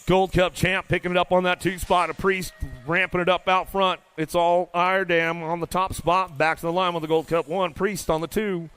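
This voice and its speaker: A man announcing live BMX races in an indoor arena, rattling off riders' names in rapid play-by-play with casual, folksy banter. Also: high voice, flat delivery, fairly bright tone, clean tone. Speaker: race announcer. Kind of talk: live BMX race commentary.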